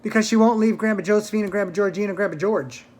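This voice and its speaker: A man's voice: high-pitched, fast talker, voice pushed up, close to an everyday voice. A man voicing an eager, kind young boy in a read-aloud storybook. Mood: earnest. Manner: earnest, excited.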